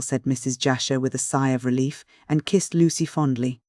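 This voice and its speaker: A measured audiobook narrator reading a classic mystery novel. The voice sits at a middle pitch and is recorded close and dry, with no room sound. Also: fairly even intonation, a little mellow, no echo. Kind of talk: scripted narration.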